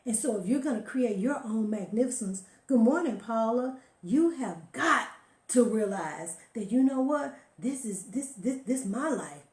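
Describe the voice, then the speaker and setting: A woman's voice: fairly high pitch, lively intonation, measured pace, darkish tone, echoey room. A woman giving an emphatic motivational talk to her viewers, preaching and telling stories, calling listeners honey. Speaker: motivational live-stream host.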